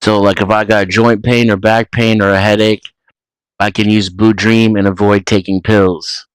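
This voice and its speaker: A man in a casual panel chat, talking in a relaxed, easygoing way. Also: on the low side, moderate pace, clear, resonant tone, dry recording, poor audio.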